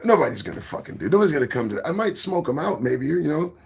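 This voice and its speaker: A man hosting his own morning show, talking in a profane, preachy monologue that swings between shouts and whispers. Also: fairly high pitch, sing-song, fast talker, gravelly, husky. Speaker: show host.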